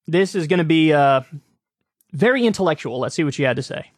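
A man hosting a political commentary show, talking casually with sarcastic, mocking, animated rants. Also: a little high, fairly quick, a little hiss or hum.

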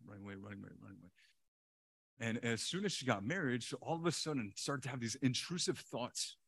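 Animated, chuckling male pastor. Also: lowish voice. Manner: animated, chuckles often, repeats words for emphasis. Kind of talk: sermon.

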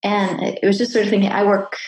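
A woman therapist talking casually and candidly about emotions, chatty and animated, swearing freely. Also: mid-range voice, quick pace, rough recording. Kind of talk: casual conversation.

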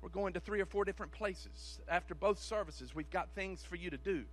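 A man pastor delivering a sermon to his church, swinging between shouted calls and hushed, quick asides in a rhythmic, repetitive preaching cadence. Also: high voice, soft background music. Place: church service.

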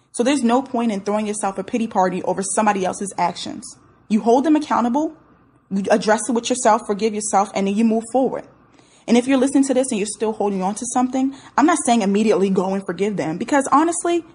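A young woman talks casually on her own to her listeners, candid and brash, cursing freely and reacting emotionally. Her voice is a little high, slightly mellow, and husky.

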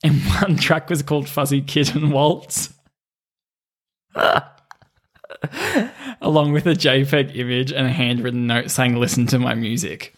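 A man's voice: mid-range voice, level tone, measured pace, pauses often. A man co-hosting a podcast, telling stories in casual chat with lots of laughing and swearing. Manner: giggly, swears often. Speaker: podcast co-host.

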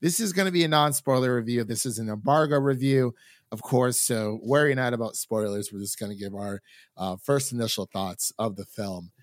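Hombre de Ohio, anfitrión de podcast charlatán. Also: male voice, mid-range voice, moderate pace, dry recording, clean studio sound. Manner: laughs often, chatty with fillers. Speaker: podcast host. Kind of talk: casual podcast chat.

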